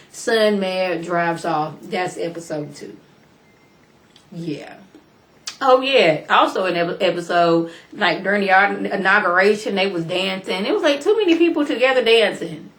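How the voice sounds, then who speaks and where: A woman vlogger casually recapping TV episodes, colloquial and incredulous, her voice jumping high when exclaiming. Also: animated, measured pace, fairly bright tone. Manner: colloquial, chatty, talks straight to viewers.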